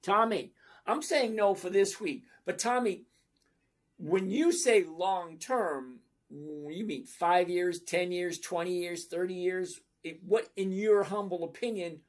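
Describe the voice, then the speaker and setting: An older retired man casually hosting a live stock chat, blunt and rambling, answering viewers one by one. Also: high-pitched. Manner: chatty, blunt, rambling asides. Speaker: stock market livestream host.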